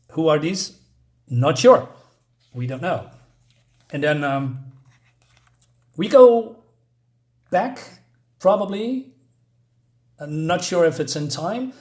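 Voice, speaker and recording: A man reviewing a comic book in casual chat, hesitant, with many fillers and restarts. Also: on the high side. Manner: hesitant, many restarts and fillers, reads quoted lines aloud. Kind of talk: casual read-through of a comic.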